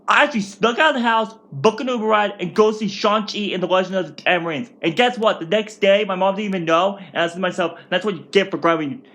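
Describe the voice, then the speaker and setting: A man in his twenties telling a rambling, excitable storytime rant at home for his vlog, restarting his sentences often. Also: sits high, fast talker, few pauses. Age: 20s. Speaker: vlogger.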